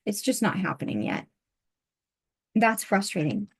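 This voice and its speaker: A woman giving a channeled tarot reading, speaking in a soft, halting way with many pauses and fillers, her voice getting worn. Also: mid-range voice, sing-song, slightly rough. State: losing her voice. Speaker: tarot reader.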